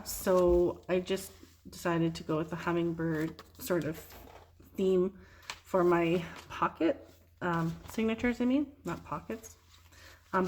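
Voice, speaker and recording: A tired woman casually showing her artwork and journals in a vlog, talking in a relaxed, rambling way. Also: fairly low pitch, slight background noise. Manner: relaxed, rambling, soft-spoken with yawns. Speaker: junk journal artist. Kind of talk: casual show-and-tell vlog.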